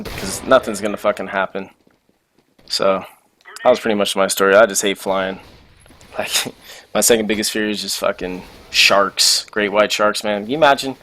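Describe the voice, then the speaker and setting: Profane young man telling a story, low-pitched. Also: slight background noise. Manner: animated, profane, slangy. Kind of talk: casual storytelling.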